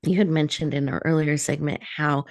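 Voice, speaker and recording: A woman's voice: low voice, fairly even intonation, brisk, creaky, darkish tone, dry recording. A woman hosting a radio interview, affirming and appreciative toward her guest. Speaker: host.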